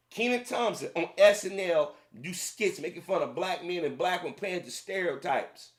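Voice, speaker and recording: Man ranting in a heated tone. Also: high-pitched. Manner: heated, repetitive, addressing the audience directly. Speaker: commentator. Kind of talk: opinion rant to camera.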